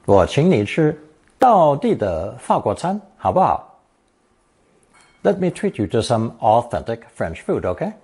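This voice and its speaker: Slow, husky man teaching Mandarin. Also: medium pitch, wildly swooping pitch, darkish tone. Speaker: language teacher. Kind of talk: scripted lesson narration.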